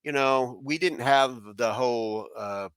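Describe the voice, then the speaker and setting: A man's voice: mid-range voice, takes it slowly, a bit bright, smooth, no room sound. A middle-aged man from South Florida, a guest telling a rambling personal story full of fillers and restarts. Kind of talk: casual storytelling.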